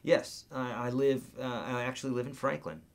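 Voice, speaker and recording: A man's voice: medium pitch, moderate pace. A man hosting a live guitar Q&A, chatting casually, reading viewer comments aloud and counting out beats and picking patterns.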